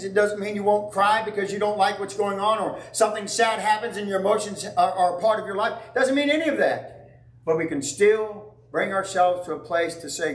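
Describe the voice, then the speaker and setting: High-voiced pastor preaching in an echoey church. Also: male voice, a bit bright, recorded from a distance. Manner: conversational, emphatic preaching with homely anecdotes. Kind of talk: sermon. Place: church sanctuary.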